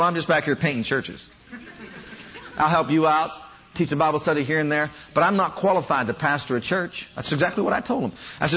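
A man preaches a sermon in a slightly high, husky voice, talking fast, with the highs cut off in the recording. He tells animated stories from his own life and addresses the congregation directly.

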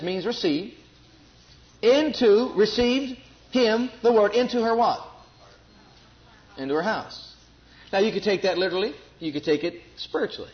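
A man's voice: high-pitched, echoey room. A male preacher giving a sermon, repeating phrases and putting questions to the congregation. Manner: repetitive, asks the congregation questions. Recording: slightly muffled lo-fi recording.

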